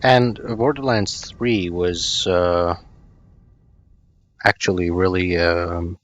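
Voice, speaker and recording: Man, co-op gaming buddy, slow relaxed talk, lowish voice. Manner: easygoing, hesitant, with fillers. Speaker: co-op gaming friend. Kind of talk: casual gameplay chat.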